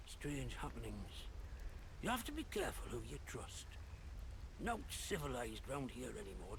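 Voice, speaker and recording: An actor voicing a wary, chatty male survivor in a game, with a gravelly, rambling way of talking. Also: on the high side, slight background noise. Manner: rambling, gossipy, suspicious of strangers. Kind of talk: video game dialogue.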